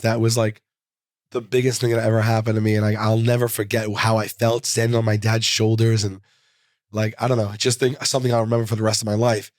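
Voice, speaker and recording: A man in his forties, a comedian guest, telling a rambling, animated anecdote in a casual interview, full of "like.". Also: lowish voice, no room sound, clean studio sound.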